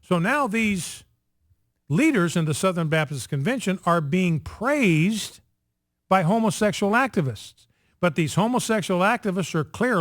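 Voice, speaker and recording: High-voiced indignant male radio host. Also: expressive, measured pace, no echo, studio quality. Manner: indignant, sarcastic, repeats phrases for emphasis. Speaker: radio talk show host. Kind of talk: opinion talk radio monologue.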